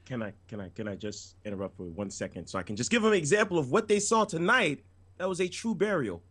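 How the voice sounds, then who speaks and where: A man co-hosting a casual wrestling review stream, chiming in with quick interjections and egging the host on. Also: fairly high pitch, big pitch swings, a bit bright, breathy edge. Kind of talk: casual livestream commentary.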